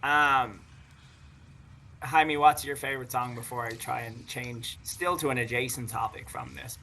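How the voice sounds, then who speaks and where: A man's voice: medium pitch, fairly even intonation, unhurried, creaky, pushed and bright, slight background noise. A man co-hosting a casual podcast chat, joking around and swearing freely. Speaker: podcast co-host.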